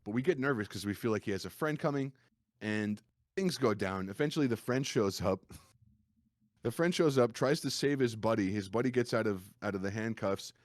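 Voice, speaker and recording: A man with a distinctive deep voice, a guest streamer telling stories in a casual podcast chat. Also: normal speed, dry recording, clean studio sound. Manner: storytelling, animated retelling.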